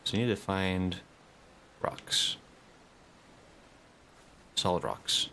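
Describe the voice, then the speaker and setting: A man's voice: low-pitched, drawn-out words, creaky, sharp tone, slight background noise. A man streaming a game, chatting casually and reading chat messages aloud. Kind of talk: casual live-stream commentary.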